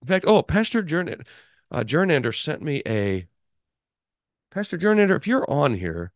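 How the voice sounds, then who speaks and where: A male pastor teaching a Bible class in an animated way, often restarting his sentences and chuckling. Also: on the high side, moderate pace, no echo. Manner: animated, chuckling, self-interrupting.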